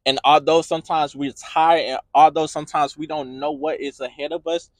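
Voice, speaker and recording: A man's voice: fairly high pitch, steady tone, normal speed, no room sound. Earnest man giving a motivational talk. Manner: earnest, repetitive, preacher-like build-ups. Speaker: motivational podcast host.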